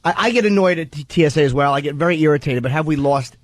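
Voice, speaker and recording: A man hosting a talk radio show, arguing the other side in halting, restarting phrases. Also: on the high side, no room sound. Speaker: radio host. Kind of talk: casual talk-radio conversation.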